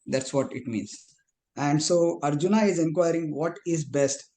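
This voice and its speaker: A male student works through a verse in a halting way, with pauses and restarts. His voice is fairly high and warm. It sounds roomy, with a faint hiss behind it. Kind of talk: explaining a verse in an online class. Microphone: video call. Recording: echoey room with faint noise.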